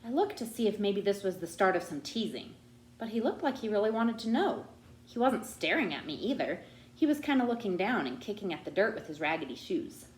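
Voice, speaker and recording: A woman reading a children's novel aloud, narrating in an expressive, animated way. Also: mid-range voice, fairly quick. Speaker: audiobook reader. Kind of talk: storytelling narration. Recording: roomy echo.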